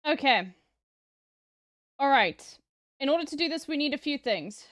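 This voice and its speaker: A woman's voice: high voice, animated, a little slow, a bit bright, no echo, clean studio sound. A woman streamer, casually reading posts aloud and reacting, swearing freely. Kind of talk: live-stream reaction commentary. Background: faint music.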